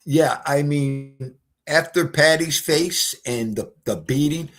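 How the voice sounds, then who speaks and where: A man with a fairly high voice hosting a livestream from home. He talks slowly and loosely, rambling from one thing to the next and getting emotional along the way. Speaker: livestream host. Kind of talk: casual chat.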